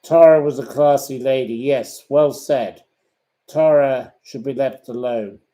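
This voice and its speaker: Brief: man, host, talks slowly and bluntly, fends off questions with indignation. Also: mid-range voice, dark tone, poor audio. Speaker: host answering viewer questions. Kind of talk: casual live-stream chat.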